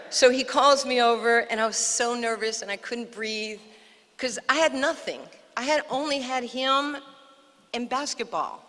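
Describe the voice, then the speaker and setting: Older new york woman, bright lively storyteller, long echo from the PA. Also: fairly high pitch, normal speed. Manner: animated storyteller, acts out quotes. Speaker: guest speaker. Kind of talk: storytelling speech. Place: outdoor park dedication.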